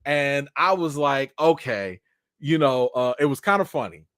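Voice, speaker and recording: A man hosting a live stream, telling casual stories in an animated, self-mocking way with lots of slang. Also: medium pitch, a little slow, dry recording, studio quality. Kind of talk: casual storytelling.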